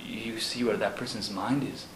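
A man's voice: lowish voice, steady tone, a bit bright. Monk guy chatting, lots of ums, laughs mid-story, roomy echo and noisy background. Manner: halting, many fillers, laughs while telling stories. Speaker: Zen monk. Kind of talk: casual talk about monastery life. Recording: echoey room with background noise.

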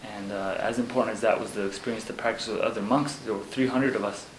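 A man, a Zen monk, talking casually about monastery life, halting with fillers and laughing as he tells stories. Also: on the low side, fairly even intonation. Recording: echoey room with background noise.

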